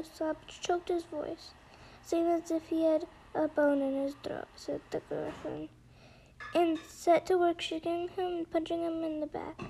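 A woman reading a classic storybook aloud in a measured, even storytelling manner. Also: very high voice, a little hiss or hum, rough recording. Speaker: storybook reader.

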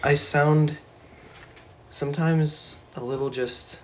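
A man's voice: fairly high pitch, fairly even intonation, slow pace, a little hiss or hum. A man co-hosting a casual podcast chat, hesitant and often trailing off and restarting his sentences. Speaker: podcast co-host.

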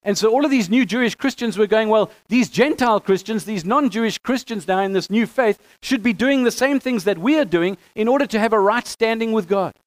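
High-voiced man teaching scripture. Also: brisk, few pauses. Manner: animated, reads scripture aloud with emphasis, frequent restarts. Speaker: bible teacher.

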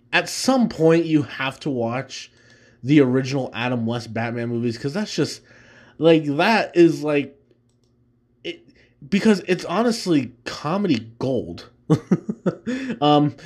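A man hosting a casual solo show, ranking films in a rambling way with restarts and easy laughs. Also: mid-range voice. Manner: rambling, many fillers and restarts, laughs easily. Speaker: host.

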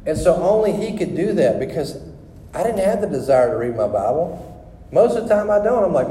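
A middle-aged man giving a sermon testimony in a church hall, telling his story in an animated, rambling way with many restarts. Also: on the high side, moderate pace, a little hiss or hum. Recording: echoey hall with long reverb.

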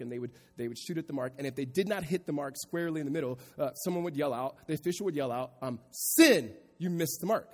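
A pastor preaching a sermon to a congregation, moving from quiet reflection to raised, emphatic delivery. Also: male voice, medium pitch, big-room sound. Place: church sanctuary before a congregation.

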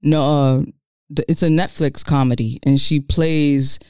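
A podcast co-host in casual chat, telling stories with animated delivery and free swearing. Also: medium pitch, unhurried, clean tone, dry recording, clean studio sound. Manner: animated storyteller, swears freely.

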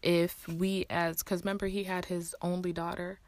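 A woman from Jamaica, co-hosting a podcast, tells stories in a relaxed, casual way. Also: lowish voice, normal speed. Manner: relaxed storyteller, speaks standard English. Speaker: podcast co-host, sister. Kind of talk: casual chat.

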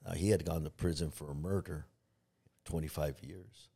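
In a podcast interview, a middle-aged Los Angeles-area pastor recounts a personal story, voicing other people's lines and frequently starting over. He has a dark, bass voice with a breathy edge, fairly even intonation, and a moderate pace.

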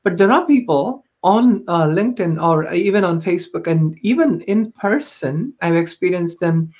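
A woman's voice: on the low side, expressive, moderate pace, darkish tone. A woman, a podcast guest, telling personal stories in an earnest, reflective way with frequent ums and you-knows. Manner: earnest, reflective, many fillers like um and you know. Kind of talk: personal storytelling in conversation.

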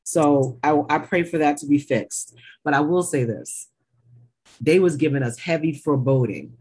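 A woman's voice: low-pitched, expressive, moderate pace, darkish tone, breathy edge. A woman co-hosting a casual TV recap, blunt, opinionated and swearing freely. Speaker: podcast co-host.

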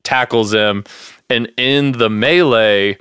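A man chatting casually about a TV episode, often slipping into quick acted-out quotes. His voice sits at a middle pitch. The recording is dry and close, with no room sound. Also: smooth, no echo. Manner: animated, acts out quotes, laughs often. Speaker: podcast co-host recapping a TV episode. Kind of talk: casual chat.

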